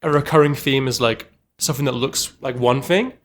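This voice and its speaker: A young man from Norway talks about his film as an interview guest, in a casual, rambling way. He leans on "like" a lot and laughs at himself. His voice sits at an ordinary middle pitch. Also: a little fast, slight background noise. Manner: rambling, heavy use of "like", chatty and self-deprecating.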